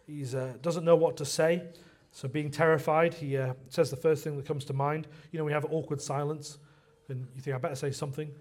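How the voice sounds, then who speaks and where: A man's voice: on the high side, fairly even intonation, normal speed, darkish tone. Conversational man preaching a sermon. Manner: conversational, repeats phrases for emphasis.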